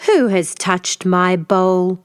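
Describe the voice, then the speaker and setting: A heavy, gruff father bear from a storybook who growls each word slowly and deliberately, as a woman puts him on. The pace drags and the pitch sits a little low. The recording is close and dry. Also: no echo. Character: big gruff father bear, slow and menacing.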